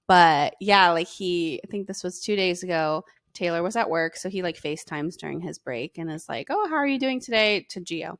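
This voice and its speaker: A young woman co-hosting a casual mom podcast, telling animated stories. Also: lowish voice, moderate pace, creaky, few pauses, no echo, clean studio sound. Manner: animated storyteller, laughs through her own tales. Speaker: podcast co-host. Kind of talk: casual chat.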